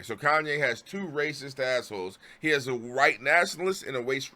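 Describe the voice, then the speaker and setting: Streamer guy w a bright punchy voice, swearing and ranting at what he's watching. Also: medium pitch. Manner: profane, ranting and exasperated. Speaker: streamer reacting to a video. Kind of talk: live stream commentary.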